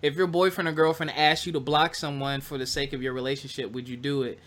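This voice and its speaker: Guy hosting a podcast with his friends, bright voice, joking around loud. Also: medium pitch, level tone, fast. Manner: loud and jokey, breaks into laughter. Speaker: podcast host. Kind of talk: casual podcast chat with friends.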